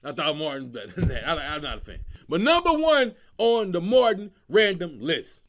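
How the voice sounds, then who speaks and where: A man's voice: high voice, normal speed. A man hosting his own comedy show, talking casually and with lots of slang, often laughing as he riffs. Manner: animated, slangy, breaks into laughter. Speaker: comedian host.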